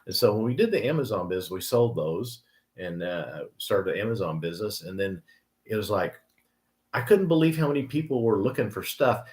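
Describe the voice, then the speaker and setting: A man's voice: lowish voice, very animated, brisk, darkish tone, roomy sound. An older man co-hosting a casual live stream, telling his story with many restarts and fillers.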